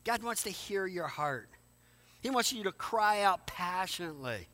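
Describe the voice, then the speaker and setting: A man's voice: sits high, animated, moderate pace, pushed and bright. A man preaching a sermon in a conversational way, often repeating words and asking rhetorical questions. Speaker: pastor.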